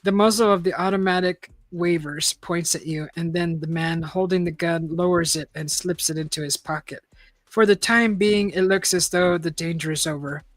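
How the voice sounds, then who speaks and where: A woman's voice: lowish voice, steady tone, moderate pace, no echo. A woman hosting a casual live-stream, reading a choose-your-own-adventure book aloud, chatting and laughing often.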